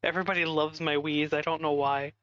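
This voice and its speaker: A man's voice: fairly high pitch, little pitch movement, fairly quick, a bit bright, smooth, dry recording, highs cut off. A man chatting casually on a live stream, rambling and giggling as he snacks. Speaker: streamer co-host.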